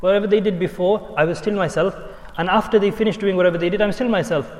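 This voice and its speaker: A man's voice: sits high, steady tone, fast talker, big-room sound. A man preaching a sermon, telling stories and mixing in Urdu and Arabic quotations. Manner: storytelling, switching between English, Urdu and Arabic quotations. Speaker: Islamic preacher.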